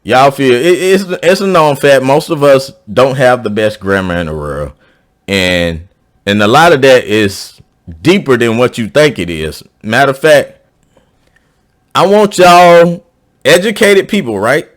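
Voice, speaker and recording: A man's voice: animated, a little slow. A man with a South Georgia accent, talking casually and at length to his viewers, rambling and restarting his sentences. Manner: rambling, repeats and restarts, pitch rising when emphatic. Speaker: YouTube commentator. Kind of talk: casual opinion monologue.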